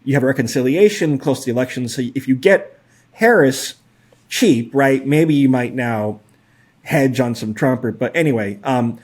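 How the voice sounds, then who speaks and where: A man's voice: mid-range voice, normal speed, a little mellow. A man in his forties co-hosting a podcast, talking through data in a casual, hedging way with lots of fillers and a wry edge. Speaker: podcast co-host. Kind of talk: casual analytical chat.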